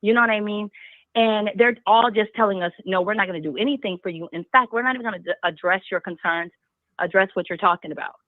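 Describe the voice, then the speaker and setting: A woman calls in to a talk show over a tinny phone line, talking fast in a mid-range voice and firing off rhetorical questions with passion. There's no room sound.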